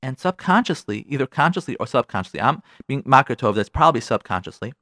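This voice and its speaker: A man's voice: mid-range voice, big pitch swings, quick pace, bright, forceful tone, no room sound, clean studio sound. A man hosting a radio advice show, talking frankly and getting worked up as he addresses listeners directly. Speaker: radio show host giving marriage advice. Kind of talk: animated advice talk.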